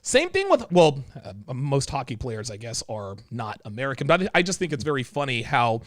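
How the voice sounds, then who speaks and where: A man's voice: mid-range voice, huge pitch swings, brisk, no room sound, clean studio sound. A man hosting a casual talk, rambling through anecdotes and reading listener questions. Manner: rambling, many fillers and restarts. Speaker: host. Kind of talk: casual chat.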